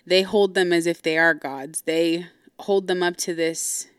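A woman's voice: fairly low pitch, steady tone, a little slow, smooth, dry recording. Blunt, heated woman telling a story. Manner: blunt and heated, with frequent swearing; acts out quoted people in her own voice. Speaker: podcast host. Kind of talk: casual storytelling.

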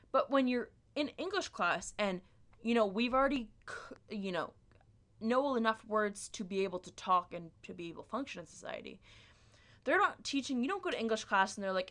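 A woman's voice: a little high, fairly bright tone. A woman delivering a rambling, self-deprecating comedic monologue, full of "like" and restarts.

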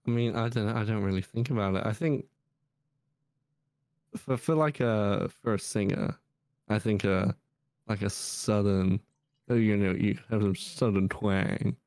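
A man's voice: fairly low pitch, fairly even intonation, measured pace, long pauses, darkish tone, no room sound. A young man co-hosting a podcast, easygoing and laid-back. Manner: easygoing, laid-back, says mate and bro. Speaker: podcast co-host. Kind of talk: casual chat.

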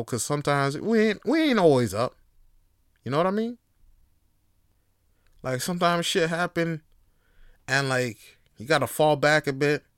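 A man's voice: fairly high pitch, a bit bright, clean tone, dry recording, studio quality. A man hosting his own show, talking in a loose, profane solo monologue with laughing asides. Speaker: host.

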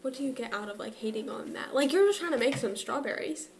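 A young woman co-hosting a podcast in casual chat, supportive and quick to laugh. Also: high-pitched, lively intonation. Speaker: podcast co-host. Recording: echoey room with faint noise.

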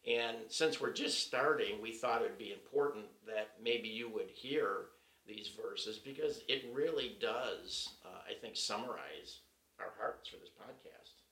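A man's voice: on the low side, measured pace, fairly bright tone, reverberant, distant mic. A man hosting a faith podcast from his living room, chatting casually and bantering with a playful laugh. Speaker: podcast host. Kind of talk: casual chat.

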